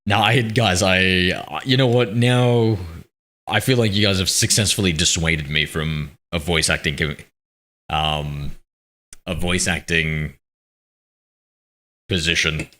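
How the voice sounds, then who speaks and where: A man chatting with viewers on a game stream in a low voice with a bright, forward edge. He rambles and pokes fun at himself as he reads their messages aloud. His voice comes through a streaming mic with noise suppression. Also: slow, pauses often. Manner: rambling, self-deprecating, reads chat aloud. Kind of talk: casual live-stream chat. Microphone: streaming mic with noise suppression filter.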